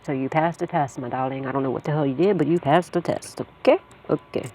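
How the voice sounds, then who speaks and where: A woman's voice: very deep voice, quick pace, warm tone, a little hiss or hum. A woman giving a casual tarot reading to her viewers, blunt and repetitive, swearing freely and laughing often. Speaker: psychic tarot reader.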